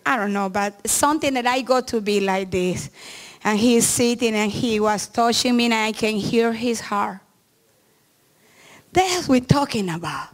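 With a voice on the high side, a middle-aged non-native English-speaking woman pastor delivers an earnest sermon in halting English, frequently restarting.

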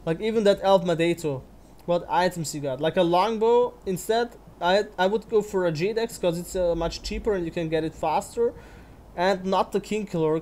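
A man's voice: on the high side, darkish tone, slight background noise. A young man giving angry, swearing commentary over his own online game match. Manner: angry ranting, heavy swearing. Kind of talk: gameplay commentary.

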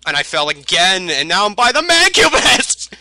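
A man giving excitable let's play commentary, swearing and yelling at enemies, with jokey muttered asides. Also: high-pitched, moderate pace. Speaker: gamer. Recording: loud game noise under voice.

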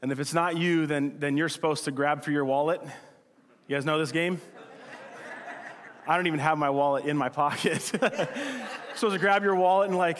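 A male pastor giving a casual, joking sermon, with quick acted-out asides. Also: fairly high pitch, fairly bright tone. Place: church hall. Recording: church hall with long reverb.

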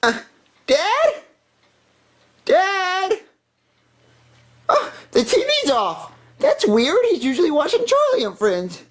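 A woman's voice: very high voice, wildly swooping pitch, slow, long pauses, full character voice. A woman voicing a whiny, tattling young boy in a comedy puppet video, childish and bratty. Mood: worried. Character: bratty young boy playing with toy cars.

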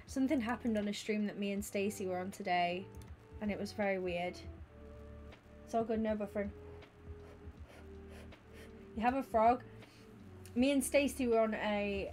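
Young woman, Twitch streamer, excitable and rambling, greeting chat by name. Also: mid-range voice. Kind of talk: casual livestream chat with viewers.

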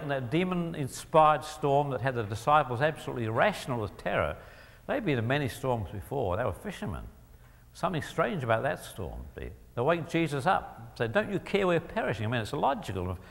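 A man giving an emphatic Christian teaching talk, often clearing his throat and putting rhetorical questions to his audience. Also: fairly high pitch, fairly bright tone. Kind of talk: lecture-style teaching talk. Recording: long hall reverb.

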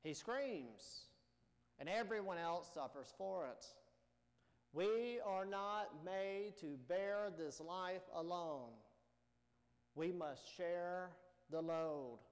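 Slow, high-voiced man preaching in a reverberant church. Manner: measured, emphatic preaching with rhetorical questions. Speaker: pastor. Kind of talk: sermon. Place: church sanctuary.

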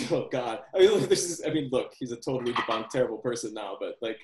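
A screenwriter guest in a relaxed interview gives long, rambling answers, circling back, correcting himself, and laughing often. He talks fast at an ordinary middle pitch, with a noticeable roomy echo like a video call from a bare room and slight background noise.

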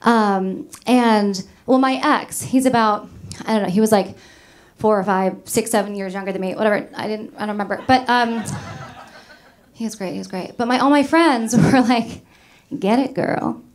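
A woman's voice: medium pitch, fairly even intonation, moderate pace. A middle-aged woman from New York doing a stand-up comedy set, chatty and self-mocking, laughing at her own jokes. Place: comedy club stage with live audience.

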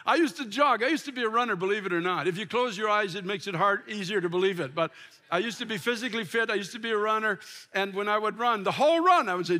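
An older male pastor, speaking fast with a high, bright, forceful voice, delivers an impassioned sermon from the pulpit of a large church sanctuary, often restarting his sentences.

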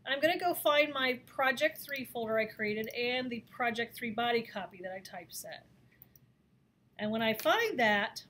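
A woman teaching a design software lesson, talking through each step in a chatty way with frequent fillers. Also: on the high side, animated, normal speed. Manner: chatty, thinks aloud with fillers. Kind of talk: screen-recorded software lesson.

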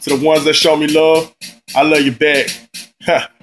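A man's voice: on the high side, little pitch movement, moderate pace, a bit bright, faint music behind. A man casually introducing his own rap track, talking in a loose, slangy, laid-back way. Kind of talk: casual spoken intro and outro to a rap video.

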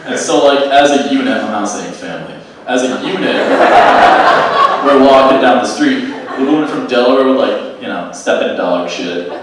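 A man's voice: mid-range voice, lively intonation, normal speed, a crowd in the background. A young man doing a stand-up set on a comedy club stage, rambling and offhand, with casual swearing. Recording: echoey distant club recording with noise. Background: audience laughter.

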